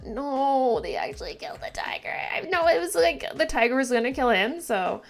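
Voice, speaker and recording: A woman hosting a manga reaction video, excitable and gushing, swearing freely as she reads along and reacts. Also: a little high, unhurried, soft background music. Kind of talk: reaction vlog.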